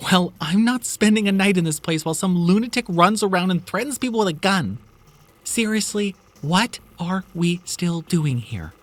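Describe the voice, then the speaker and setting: A man voicing a frightened young woman in a horror story, speaking high, shrill and urgent. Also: lively intonation, moderate pace. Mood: panicked.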